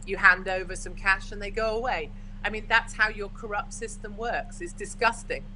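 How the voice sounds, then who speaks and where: A woman's voice: mid-range voice, moderate pace, pushed and bright, slight background noise, poor audio. A forthright, opinionated English woman from the UK, chatting as a guest in a casual video-call conversation. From United Kingdom.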